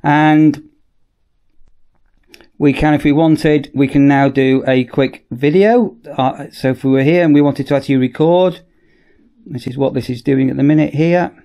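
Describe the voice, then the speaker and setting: A man giving a casual, chatty product demonstration in a workshop, often repeating "as I say" and pausing on ums. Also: fairly high pitch, steady tone, mellow. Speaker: product reviewer.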